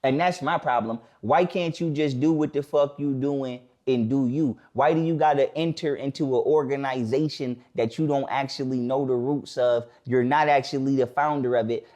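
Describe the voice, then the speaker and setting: A man talking bluntly in a casual podcast conversation. He swears freely and slows down to repeat his main points. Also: mid-range voice, steady tone, darkish tone. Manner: blunt, profane, stops to repeat key points slowly. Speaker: podcast guest.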